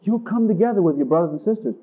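Animated and rapid-fire, a man preaches a sermon in an intimate way, acting out conversations with Jesus by shifting into a higher voice. The recording sounds tinny, almost like a phone.

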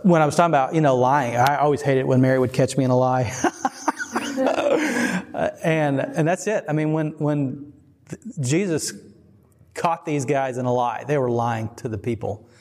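A man's voice: medium pitch, moderate pace, pauses often, darkish tone. A man preaching a casual, conversational sermon. He rambles and digresses, adding chuckling asides. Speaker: pastor. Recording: long reverb of a hall.

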